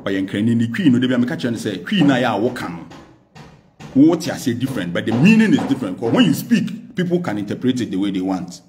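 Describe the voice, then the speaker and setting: A man's voice: mid-range voice, dark tone, slight background noise. A man with a Ghanaian accent, speaking as a guest in an unscripted TV interview, talking defiantly and emphatically, mixing English with Twi. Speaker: political guest.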